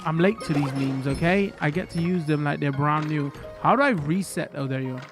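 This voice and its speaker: Streamer, mid-pitched, chatty and rambling, loud game music underneath. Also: brisk. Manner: rambling, chatty, self-correcting, jumpy bursts of excitement. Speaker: live streamer. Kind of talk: casual live-stream chat while gaming.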